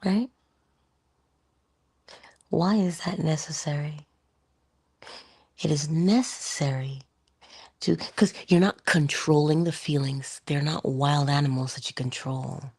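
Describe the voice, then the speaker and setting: A woman's voice: sits low, a little mellow, slightly rough. A woman giving an inspirational talk in a conversational way, often asking rhetorical questions. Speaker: motivational speaker.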